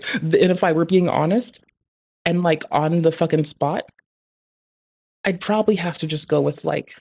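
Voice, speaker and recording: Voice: mid-range voice, moderate pace, gravelly, a little mellow. A streamer venting in a casual, rambling rant, swearing constantly and filling gaps with "like" and "bruh". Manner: profane, rambling, heavy swearing; frequent filler "like" and "bruh".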